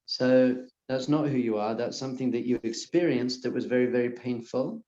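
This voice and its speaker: A man, a rabbi, giving an earnest class to a live audience and softly repeating calming phrases. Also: medium pitch, normal speed, hardly any pauses. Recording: muffled, echoey room.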